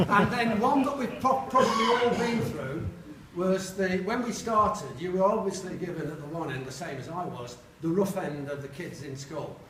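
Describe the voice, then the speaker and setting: In a big dining hall at a reunion lunch, a man in his seventies from Sheffield, England, tells humorous stories after dinner, playfully voicing the characters he quotes. He speaks unhurriedly in a high voice, caught from afar in echoey audio with a faint hum.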